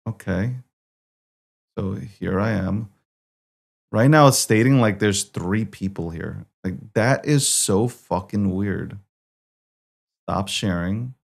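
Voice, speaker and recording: A man with a low, gravelly voice hosts a casual livestream news show. He talks to himself, swears freely, and thinks out loud when things go wrong. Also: takes it slowly, pauses often. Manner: frustrated, swearing, talking to himself. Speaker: host.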